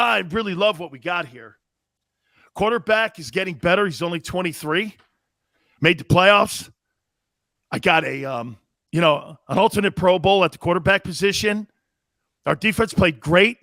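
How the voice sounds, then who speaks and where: A man's voice: sits high, normal speed, pauses often, pushed and bright, no room sound, clean studio sound. A man doing a bland, evasive team executive. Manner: smooth, noncommittal press-conference talk. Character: calm, evasive male football general manager.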